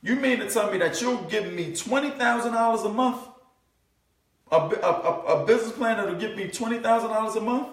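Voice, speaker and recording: An eager, disbelieving middle-aged business owner, as a coach puts him on, his voice pitched up high with lively questions. He sounds distant in an echoey room. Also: brisk, lightly acted. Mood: incredulous. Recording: roomy and distant from the mic.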